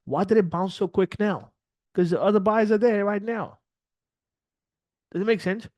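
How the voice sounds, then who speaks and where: A man's voice: sits high, normal speed, a little mellow, dry recording. A man talking casually as a trading mentor on a livestream, blunt and profane, acting out little quoted exchanges.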